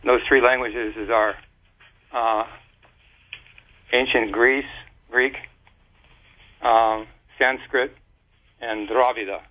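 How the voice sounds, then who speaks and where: A man of average pitch talks on and on in a loose, explanatory way, tripping over words and circling back to restart them. His voice comes through a narrow, tinny phone line. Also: steady tone. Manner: rambling, halting with many restarts and fillers. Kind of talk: casual explanatory talk.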